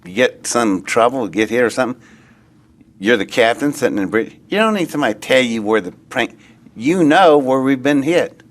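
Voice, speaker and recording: A man being interviewed, telling a long story in a rambling, excitable way that often trails off and starts again. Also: mid-range voice, brisk. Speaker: interviewee recounting an experience.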